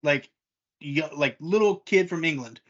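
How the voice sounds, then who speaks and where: Laughing storyteller man, slightly higher voice. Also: measured pace, a bit bright, lo-fi sound. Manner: rambling anecdotal storyteller, laughs often. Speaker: podcast co-host. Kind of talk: casual chat.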